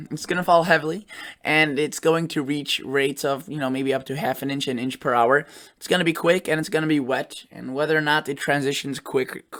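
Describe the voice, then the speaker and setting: A man's voice: mid-range voice, a bit bright. A man hosting a weather channel, talking casually through forecast model maps and often correcting himself mid-sentence.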